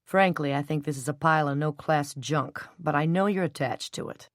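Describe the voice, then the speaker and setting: A woman's voice: sits low, normal speed, no room sound, studio quality. A woman voicing a confident, mischievous man who talks nonchalantly in a storybook. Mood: teasing. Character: teasing confident man, playful schemer.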